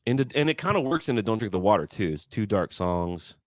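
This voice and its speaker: A man with a fairly low voice chats on a podcast as a guest musician, his pitch rising and falling a lot as he gets carried away. He often stammers and repeats words as he tells his stories. The sound is close and dry. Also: big pitch swings, fast, no echo. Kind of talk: casual storytelling chat.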